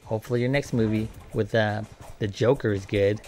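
A man's voice: on the low side, steady tone, fairly quick, a little mellow. A man casually commentating a video game, joking and talking playfully to the characters. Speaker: gameplay commentator.

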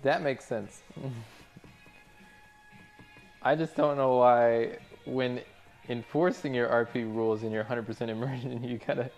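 A man's voice: medium pitch, steady tone, a little slow, pauses often, darkish tone, dull audio, soft background music. A man streaming, reading out chat messages and chatting casually in a laid-back, rambling way with frequent laughs.

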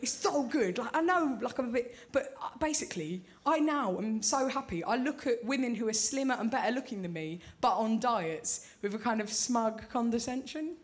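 A woman's voice: fairly high pitch, lively intonation, moderate pace, hardly any pauses. A young woman performing a stand-up comedy set in a club, chatty and often checking in with the crowd. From Britain. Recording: loud crowd noise in a club.

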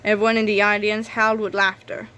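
A woman's voice: mid-range voice, little pitch movement, fast talker, sharp tone, a little hiss or hum. A woman reading a children's book aloud, telling the story with small slips and restarts. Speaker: reader.

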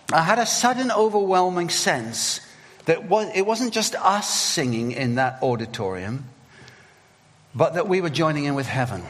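A man preaching a sermon at church, reading scripture in a measured, earnest way. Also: fairly high pitch, a bit bright. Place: church hall. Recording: long reverb of a church hall.

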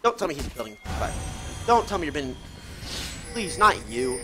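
A man streaming live esports commentary on a tournament match, profane and excitable, yelling through the fights. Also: fairly high pitch, normal speed. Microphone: headset. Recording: game music playing behind.

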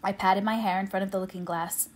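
A woman narrating an audiobook in a measured, quiet, steady way. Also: medium pitch. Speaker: audiobook reader.

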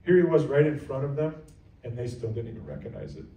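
A man's voice: mid-range voice, quick pace, mellow, roomy sound, recorded from a distance, low-quality recording. A man preaching a sermon as pastor, earnest and repetitive, now and then acting out the voices of other people. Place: church sanctuary.

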